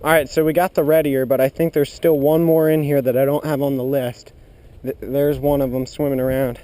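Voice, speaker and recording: Outdoors beside a pool of water, an excitable man vlogs his own fishing trip, talking to viewers and gasping and cheering at every bite. His mid-range voice runs a little fast, with no echo.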